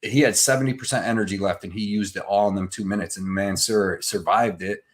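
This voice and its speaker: A man hosting a live betting show, chatting loosely, joking and shouting out names from the chat. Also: fairly low pitch, fairly even intonation, a little fast. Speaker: podcast host.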